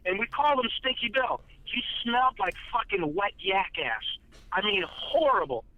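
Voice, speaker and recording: Man, podcast guest, profane storyteller, high voice, dull lo-fi sound. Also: normal speed, no room sound. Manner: profane, lively anecdotes. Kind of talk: casual storytelling chat.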